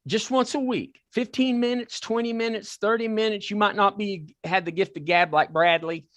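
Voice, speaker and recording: Excitable Southern man, dry close mic. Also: high-pitched, normal speed, no room sound. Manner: excitable, repeats words and restarts. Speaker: podcast host. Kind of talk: casual chat with a sponsor plug.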